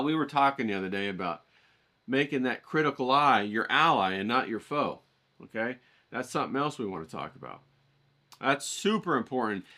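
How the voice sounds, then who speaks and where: An energetic man rambles through a motivational pep talk on his art vlog, swearing freely and padding his lines with "you know". His voice is bright and forceful, with a mid-range pitch. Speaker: art vlogger. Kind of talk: casual profane pep-talk monologue.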